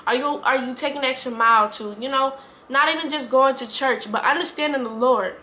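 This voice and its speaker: A woman's voice: sits high, fairly quick, bright, forceful tone, slight background noise. A woman, talking earnestly to camera in a rambling, repetitive way. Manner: earnest, rambling, repeats herself. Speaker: vlogger. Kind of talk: heartfelt casual talk to camera.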